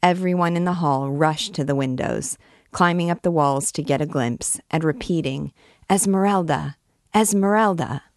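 A woman reading a classic novel aloud in a measured, expressive way as a guide to the book. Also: sits low, no echo, studio quality.

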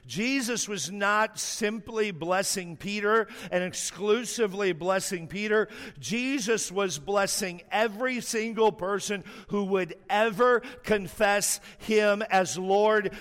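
A high-voiced man preaches a sermon with the energy of a storyteller, stretching out the words he wants to land. His voice rings with the long reverb of a large hall. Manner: animated storytelling, slows down hard for emphasis.

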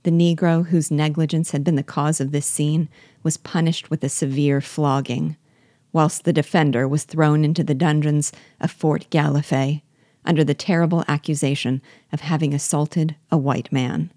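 A woman reading a classic novel aloud in a slow, measured way, as a reader guiding her listeners. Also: low voice, fairly even intonation, mellow, dry recording, clean studio sound. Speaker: reader and teacher.

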